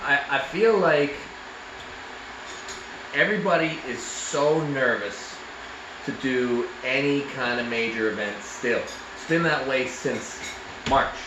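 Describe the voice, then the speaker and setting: A Canadian man chats in a lively, rambling way, circling back over the same words as his enthusiasm builds. He sounds like he is in an echoey room, with noise audible behind him. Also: medium pitch, slow pace. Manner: animated, rambling, repeats himself. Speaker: arm wrestler and show host. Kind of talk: casual chat.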